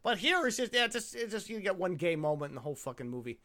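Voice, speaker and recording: A man's voice: high voice, very animated, fast, pushed and bright. A tipsy man co-hosting a casual movie review podcast, rambling, swearing and sarcastic. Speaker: podcast co-host.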